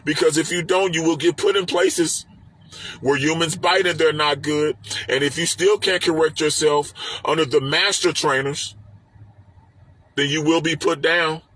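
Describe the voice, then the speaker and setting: Husky, emphatic man teaching on a stream. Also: fairly high pitch, fairly even intonation, a little slow, a bit bright. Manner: emphatic, repetitive, preaching with rhetorical questions. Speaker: host and teacher. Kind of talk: explaining a spiritual text on a live stream. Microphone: phone or webcam on a live stream.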